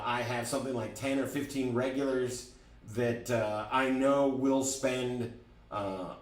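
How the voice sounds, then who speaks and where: A man at middle pitch tells a personal story to a class, candid and animated, often restarting his phrases. His voice carries from a distance. The room around him is echoey. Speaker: driving school instructor. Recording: roomy, from a distance.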